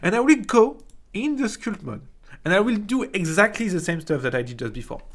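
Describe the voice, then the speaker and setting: A young man from France speaks English with a thick French accent, chatty and informal. His male voice sits a little high, and he keeps checking in with "right?" and restarting his sentences as he teaches. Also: sing-song, fairly quick. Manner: chatty, frequent "right?" tags, many restarts. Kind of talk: casual screen-recorded software tutorial.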